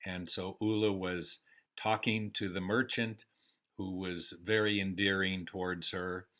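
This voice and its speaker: An older American man telling his life story in a rambling, unhurried way, with pauses and fillers. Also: sits low, little pitch movement, a bit bright. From United States. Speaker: memoir storyteller. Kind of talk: casual spoken memoir.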